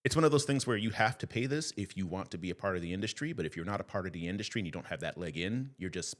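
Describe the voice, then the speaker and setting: Deep-voiced young guy on a podcast, animated storyteller, laughs a lot. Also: very fast. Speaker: guest performer. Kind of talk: casual podcast chat.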